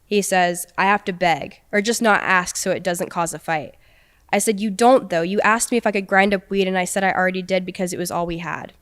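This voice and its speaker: Speaking briskly, a young woman on a podcast tells a personal anecdote in a casual way and quotes the dialogue. Her pitch is fairly low and her tone a bit bright.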